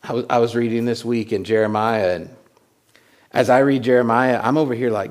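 A man preaching a sermon in a conversational way, often repeating words and swinging from loud lines to hushed ones. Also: medium pitch, steady tone, brisk. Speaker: pastor.

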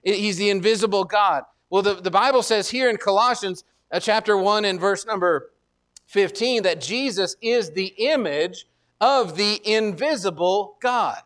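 A male pastor preaching a sermon in a conversational way, often restarting phrases with repeated words and slowing down to stress scripture. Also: sits high, a bit bright.

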